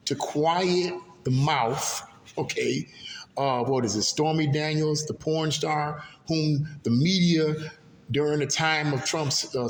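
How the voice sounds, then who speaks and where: Impassioned man in an echoey hallway. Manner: impassioned, rambling, repeats himself. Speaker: political commentary YouTuber. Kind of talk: casual political commentary vlog. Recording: echoey hallway, faint rumble.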